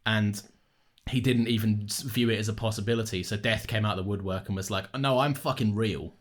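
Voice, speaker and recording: A man's voice: lowish voice, little pitch movement, quick pace. A man co-hosting a podcast in casual film chat, telling stories animatedly and teasing his co-host.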